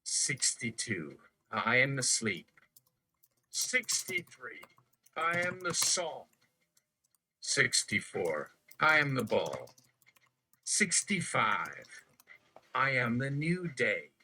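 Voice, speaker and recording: A man's voice: mid-range voice, very animated, takes it slowly, pushed and bright, slight background noise, poor audio. A man on a live stream reciting numbered declarations one after another in a chanting manner. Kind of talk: slow counting recitation.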